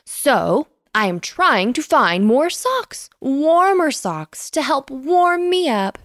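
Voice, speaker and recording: A woman voicing a grumpy, always-cold male sock monster in a bedtime story, speaking bluntly, slowly and loudly. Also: high voice, sing-song, no room sound, clean studio sound, pitched above the performer's own voice, exaggerated voice. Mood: weary. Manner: blunt, slow and loud.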